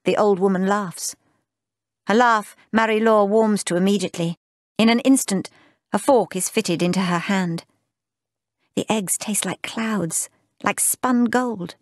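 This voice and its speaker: A woman narrating a literary audiobook in a measured, lyrical, unhurried way. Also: medium pitch, dry recording, studio quality.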